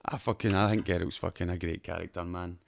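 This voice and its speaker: A man's voice: deep voice, fairly even intonation, fast talker, vocal fry. A Scottish man hosting a podcast, chatting casually with friends about games and shows, swearing and laughing often. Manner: sweary, laughing, banter-heavy. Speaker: podcast host. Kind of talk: casual gaming chat.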